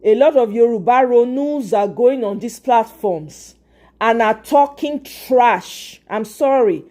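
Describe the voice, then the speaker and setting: Nigerian lady streamer talking back to chat, kinda high but mellow voice, fed up. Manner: talks back to chat, exasperated. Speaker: livestream host. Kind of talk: casual livestream commentary.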